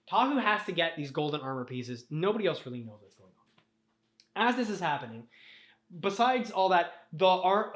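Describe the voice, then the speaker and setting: A young man tells a rambling comic story in a casual, profane way, with slightly high pitch. His voice carries a noticeable room echo around it. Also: a bit bright. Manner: profane, rambling, laughing at own slips. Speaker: host retelling a story.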